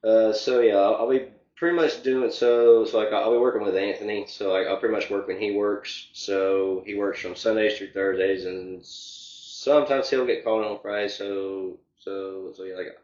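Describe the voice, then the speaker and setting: Young man, low voice, rambling filler-heavy answers; roomy, slightly muffled recording. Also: steady tone, moderate pace, few pauses, a little mellow. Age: young adult. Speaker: interview guest. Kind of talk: casual interview.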